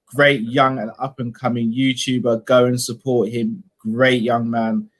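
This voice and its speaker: A man's voice: mid-range voice, flat delivery, a little slow. A man hosting a casual live-stream chat, reading out viewer comments and steering the talk with pointed questions. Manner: leads discussion with probing questions.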